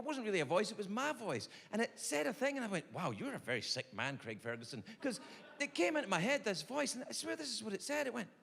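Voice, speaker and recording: A Scottish man tells a stand-up story with an animated, exaggerated, confessional delivery. His fairly high voice swings wildly up and down. His words ring out into a long hall reverb over faint ambience. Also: vocal fry. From Scotland. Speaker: stand-up comedian.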